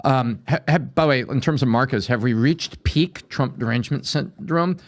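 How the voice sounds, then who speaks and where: A man on a podcast panel talking in an animated way, firing off rhetorical questions and acting out quotes. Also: mid-range voice, moderate pace. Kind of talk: casual chat.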